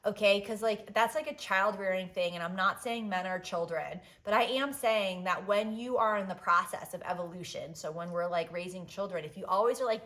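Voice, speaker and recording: A woman in her thirties hosting a solo podcast in casual chat, animated and blunt, swinging between loud outbursts and quiet asides, with lots of "like" and "um". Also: mid-range voice, moderate pace, few pauses. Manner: swears freely, fillers like "like" and "um". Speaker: podcast host.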